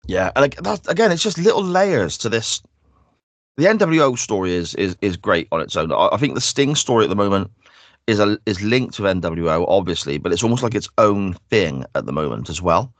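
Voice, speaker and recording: A man's voice: lowish voice, big pitch swings, fairly quick, no room sound. A man co-hosting a podcast, chatting casually and enthusiastically as he breaks down a wrestling show. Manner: enthusiastic, analytical. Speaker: podcast co-host.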